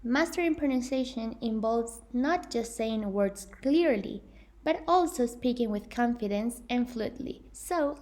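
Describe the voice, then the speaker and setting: An earnest young woman with a voice on the high side presents a scripted English pronunciation lesson. She speaks carefully and corrects herself often.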